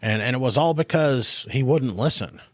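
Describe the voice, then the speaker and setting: A man's voice: medium pitch, normal speed, no echo, clean studio sound. A man casually telling a story on a podcast, animatedly acting out both sides of an argument on a phone call. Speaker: podcast co-host.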